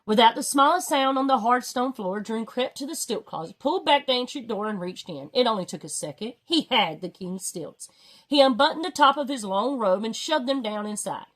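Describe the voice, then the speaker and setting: A woman reading a children's storybook aloud with expressive, dramatic delivery. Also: fairly quick. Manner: expressive, swinging pitch for drama. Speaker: storybook reader. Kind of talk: read-aloud storybook narration.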